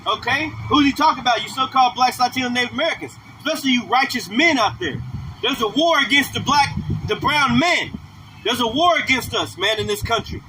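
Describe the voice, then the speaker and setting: Street preacher, male, very high voice, emphatic and slangy; outdoor livestream with loud traffic behind. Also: animated, fairly quick. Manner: emphatic, repetitive, slangy, ends phrases with "man". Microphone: phone or camera livestream mic.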